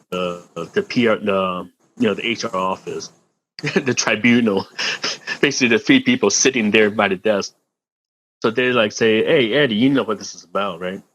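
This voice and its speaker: A middle-aged man, a podcast guest, telling a story in a casual, animated way, laughing and swearing freely and often repeating words. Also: lowish voice, poor audio.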